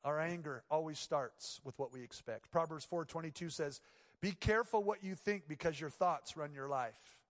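A man, a pastor, giving a conversational, joking sermon that drops into quiet, earnest prayer tones. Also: fairly high pitch, normal speed, long reverb tail.

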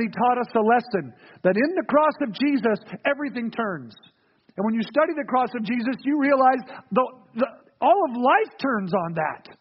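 A man's voice: very high-pitched, slightly rough, muffled recording. A man preaching a sermon to his church, earnest and repeating key phrases for weight. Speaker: pastor.

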